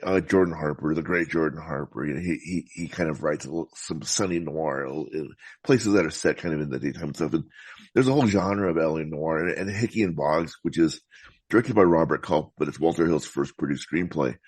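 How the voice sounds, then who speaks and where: A man talking about films as a podcast guest, in a thoughtful, meandering way with frequent halting restarts. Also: extremely low pitch, a little mellow, husky, dry recording. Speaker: podcast guest, film critic. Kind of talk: casual film discussion.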